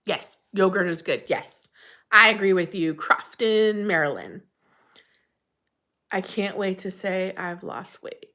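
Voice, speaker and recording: A woman's voice: medium pitch, slow, sharp tone. A woman hosting a casual livestream, chatting about backyard birds and greeting viewers by name with frequent laughs. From Pennsylvania. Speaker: livestream host reading chat.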